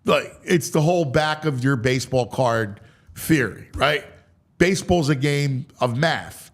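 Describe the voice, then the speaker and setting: A man's voice: medium pitch, lively intonation, unhurried. A man hosting a sports talk radio show, chatting casually with many stumbling restarts. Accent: Philadelphia.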